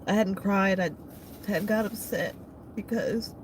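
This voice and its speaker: A woman's voice: medium pitch, a little slow. A woman trucker talking to her viewers on a live stream, emotional and close to tears as she thanks them by name. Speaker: trucker and vlogger. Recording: noisy background.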